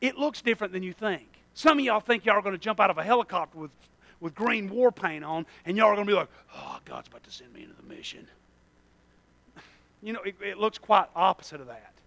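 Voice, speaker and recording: A man preaching a sermon, emphatic and full of repeated phrases, moving from loud bursts to hushed asides. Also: high-pitched, fast talker, creaky, dry recording.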